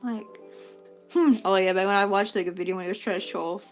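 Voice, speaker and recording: A woman's voice: medium pitch, steady tone, quick pace, faint music behind. A woman chatting casually and giggling while she crochets on her vlog. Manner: chatty, giggly, talks to her work and to chat. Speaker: crochet vlogger.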